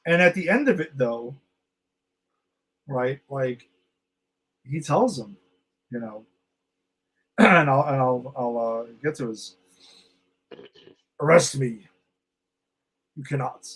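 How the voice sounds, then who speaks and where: A man co-hosting a podcast, excitedly reviewing a TV episode in casual chat, swearing freely and acting out quoted lines. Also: medium pitch, slow, pauses often, slightly rough. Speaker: podcast co-host.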